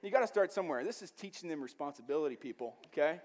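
High-voiced joking male pastor. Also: animated, rapid-fire, darkish tone. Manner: joking, conversational preaching. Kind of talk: sermon. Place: church.

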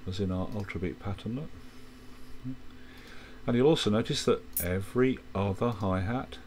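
A man calmly walking through a music software tutorial, explaining step by step with quick asides. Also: fairly low pitch, slight background noise. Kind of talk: screen-recorded software tutorial.

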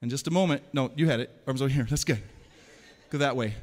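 A man performing an interactive stage show for children, playfully calling out quick commands and teasing his audience. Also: medium pitch, a little mellow. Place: large hall. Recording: long hall reverb.

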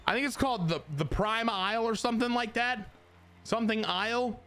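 A young man giving casual, excitable commentary over his own video game play, joking at his own expense and talking to the players and his viewers. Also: very high-pitched, brisk. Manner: excitable, self-mocking, talks to the game and chat. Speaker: gaming YouTuber.

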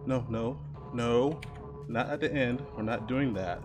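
A man hosting a gaming channel, commenting to himself as he plays a horror game, muttering at times and breaking into loud excited cheers and laughter. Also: mid-range voice, a little slow. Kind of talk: live commentary while playing a horror game. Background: faint game music.

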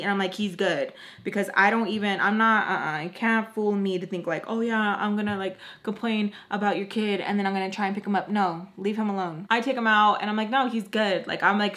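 Exasperated young woman telling a story. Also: mid-range voice. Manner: animated, exasperated retelling with voiced quotes. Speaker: vlogger. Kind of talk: casual storytime while doing makeup.

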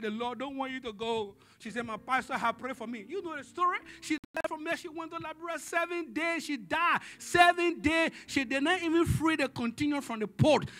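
Bright, high-voiced preaching man. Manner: dramatic preaching, swinging from hushed to shouting; calls on the congregation for responses. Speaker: pastor. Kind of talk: sermon. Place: church service.

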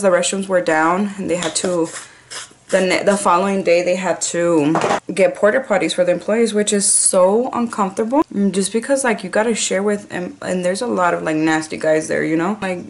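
A woman's voice: medium pitch, a little hiss or hum. A woman telling a story straight to the camera in a loose, chatty vlog. She cusses freely, leans on "like" at every turn and tosses in the odd Spanish slang phrase. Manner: chatty, profane, heavy use of "like". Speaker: 911 dispatcher.

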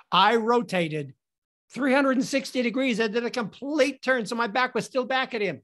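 A middle-aged man hosts his podcast and tells a funny story about himself. His delivery is animated and theatrical, and he acts out each scene as he goes. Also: high voice, unhurried. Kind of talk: comic personal storytelling.

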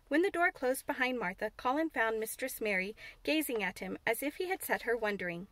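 A woman reading a classic children's novel aloud in steady, clear narration. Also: fairly high pitch, a little fast, hardly any pauses, no echo. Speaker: audiobook reader. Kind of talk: scripted narration.

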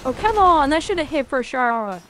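A woman's voice: high-pitched, sing-song, moderate pace, a bit bright, a little hiss or hum. A woman streaming a game, commenting live, talking to her chat and swearing often as things go wrong.

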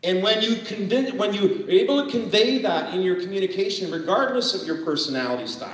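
A high-voiced man from Canada gives an energetic motivational business talk, asking the audience questions and joking. His voice comes from a distance in a large, echoey hall. Long reverb trails his words. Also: fast. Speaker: business coach giving a talk. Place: event hall with a live audience.

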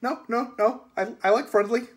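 A man's voice: steady tone, normal speed, a little mellow, natural voice. A man voicing a cowardly male boogeyman monster who whines and pleads urgently. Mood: panicked pleading. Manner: pleading, whining, high and urgent.

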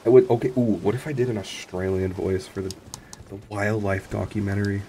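A man streaming a video game, commenting in an excitable, profane way to himself and his chat. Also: lowish voice, a little fast, a little hiss or hum.

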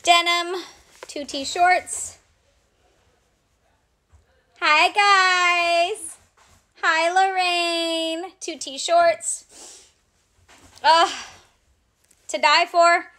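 A woman's voice: extremely high pitch, fairly even intonation, extremely slow, long pauses, sharp tone. A woman hosting a casual live clothing sale, chatting to viewers and reading out sizes and prices. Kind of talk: casual live-stream selling chat.

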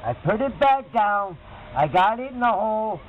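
Swearing and rambling, a Massachusetts man in unscripted documentary footage walks through his bike pedal repair in a high voice with big pitch swings at a moderate speed. Loud noise fills the background of the harsh, phone-like camera sound.

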